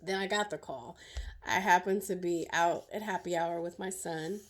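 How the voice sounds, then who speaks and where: A middle-aged woman sharing her own story as a survivor, in emotional, halting personal testimony full of fillers and restarts. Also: fairly low pitch, fairly even intonation.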